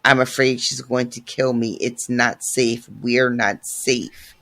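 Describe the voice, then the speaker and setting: A man doing a hushed, frightened sick girl. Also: mid-range voice, little pitch movement, slow, pitched below the performer's own voice. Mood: fearful. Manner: hushed, fearful. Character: frightened sick young woman, whispering fears.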